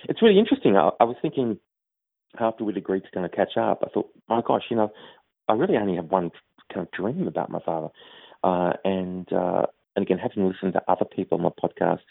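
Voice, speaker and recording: A low-pitched man speaks slowly and thoughtfully, stopping often to find his words. His voice is raspy with a gravelly edge. It sounds tinny and dry, like a phone line. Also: expressive, no echo. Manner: thoughtful, hesitant with many fillers. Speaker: grief organization head, interview guest. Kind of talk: reflective interview answers.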